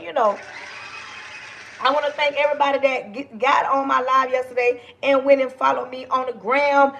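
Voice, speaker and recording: Loud, passionate woman livestream host, gravelly. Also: high-pitched, slight background noise. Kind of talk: casual livestream talk to viewers.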